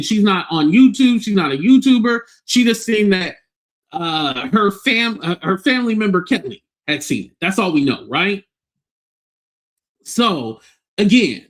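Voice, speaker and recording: A male commentary host tells an online story in a relaxed, chatty way, laughing and slipping into the voices of the people he quotes. His voice sits high for a man and swings widely in pitch. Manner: animated, acts out quoted voices, laughs often.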